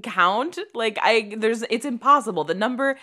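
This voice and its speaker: A woman's voice: on the high side, lively intonation, moderate pace, bright, forceful tone. A woman co-hosting a podcast and discussing a film in casual talk. She is candid and emphatic, laughs often, and swears freely. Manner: analytical and emphatic. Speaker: podcast co-host.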